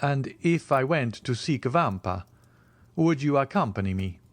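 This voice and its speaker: A man doing a calm, commanding nobleman. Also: mid-range voice, no room sound, natural voice. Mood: composed. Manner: calm, measured, authoritative. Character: cool, commanding aristocratic nobleman.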